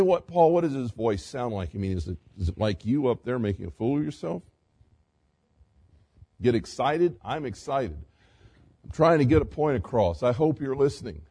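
A pastor preaching a sermon, swinging from loud emphatic passages to quiet, conversational asides and direct questions to the congregation. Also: male voice, sits low, lively intonation, normal speed, long pauses.

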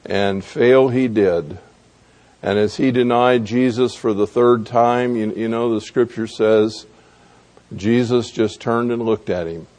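A man's voice: medium pitch, steady tone, slow, darkish tone. A man preaching a sermon who acts out the dialogue of scripture scenes in a dramatic way.

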